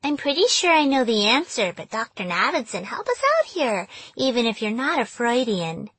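A woman's voice: fairly high pitch, sing-song, moderate pace, a bit bright, slightly rough, dry recording, voice pushed up, full character voice. A woman voicing a teenage girl putting on a cooing, simpering baby doll voice. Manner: cooing, simpering, sing-song.

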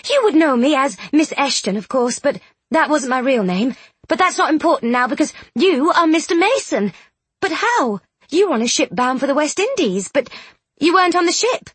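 A woman voicing an eager, bossy young woman in an audiobook, brisk and excitable, high and lively. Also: dry recording. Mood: excited.

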